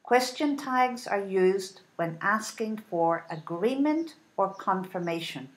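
Slow, careful woman teaching English. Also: mid-range voice, expressive. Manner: deliberate, clearly enunciated modeling of intonation.

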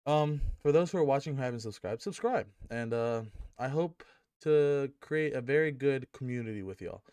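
A young gaming YouTuber with a medium-pitched, slightly mellow, clean-toned voice talks at normal speed in a casual, rambling vlog to camera. At home with his dog and wearing a headset mic, he jokes around, swears freely, and fills gaps with ums.

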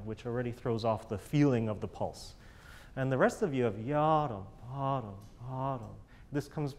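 A man's voice: mid-range voice, a little mellow. A man coaching a chamber ensemble in a master class, encouraging and enthusiastic, singing out rhythms with syllables.

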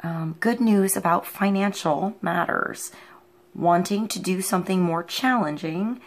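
A woman giving an unscripted tarot reading, musing and halting as she thinks aloud with many pauses. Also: on the low side. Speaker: tarot reader.

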